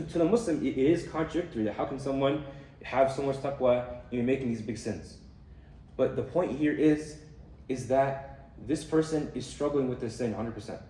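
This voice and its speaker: A young man giving a casual talk on a hadith, explaining in a relaxed way with fillers and Arabic terms. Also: medium pitch, slight background noise. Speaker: student speaker on hadith. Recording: echoey room from far off.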